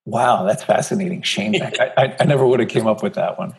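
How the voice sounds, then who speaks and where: Gravelly-voiced man hosting a podcast. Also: fairly low pitch, quick pace, darkish tone, low-quality recording. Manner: friendly, reads a scripted introduction. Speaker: podcast host. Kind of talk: conversational interview.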